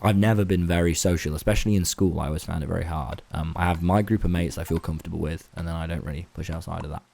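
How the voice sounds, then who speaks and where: A man's voice: low-pitched, fairly even intonation, fast talker, vocal fry, hardly any pauses, darkish tone. A young man chatting casually in a late-night vlog, rambling and laid-back and swearing now and then. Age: young adult. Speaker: online content creator.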